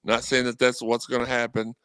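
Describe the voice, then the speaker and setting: A man on a podcast as a guest, talking sports in a rambling, animated way. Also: medium pitch, fairly quick, clear, resonant tone, no room sound. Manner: animated, rambling, quotes people in voices. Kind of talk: casual sports talk.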